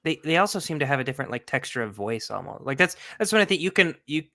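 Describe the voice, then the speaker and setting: An American man in casual chat, animated and mocking as he acts out quoted voices. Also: on the high side, fast talker, creaky, no room sound, studio quality. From United States.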